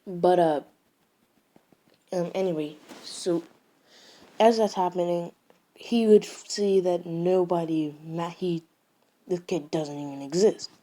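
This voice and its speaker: A woman's voice: lowish voice, fairly even intonation, takes it slowly, long pauses, dark tone. A woman improvising a casual story, rambling and hesitant with many restarts. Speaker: fan storyteller.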